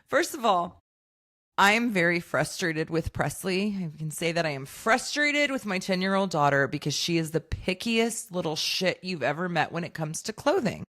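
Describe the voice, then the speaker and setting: A woman's voice: on the low side, expressive, normal speed, a bit bright. A woman in her thirties co-hosting a podcast, telling stories in casual chat, acting out quoted dialogue and swearing freely. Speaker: podcast co-host.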